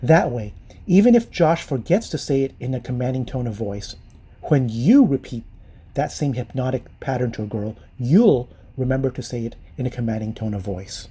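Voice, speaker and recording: Husky-voiced man giving dating advice. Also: mid-range voice, expressive, moderate pace, mellow. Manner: emphatic, teaching tone. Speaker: dating coach. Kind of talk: instructional voice-over.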